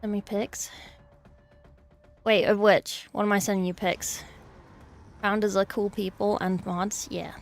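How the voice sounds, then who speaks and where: Slow-talking woman streamer chatting with chat. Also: mid-range voice, little pitch movement, creaky, faint music behind. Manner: rambling, reads chat aloud and answers it. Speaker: livestream host. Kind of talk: casual livestream chat.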